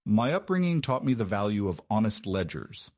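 A man's voice: on the low side, normal speed, no echo, studio quality. A man voicing a cool, composed young duchess. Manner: calm, clipped and cutting.

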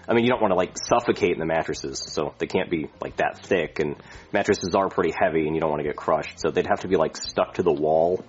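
A man's voice: rumbling low, quick pace. A man voicing a careless, boastful airline pilot who rambles and swears. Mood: cocky. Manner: rambling, cocky, profane. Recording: dull lo-fi recording.

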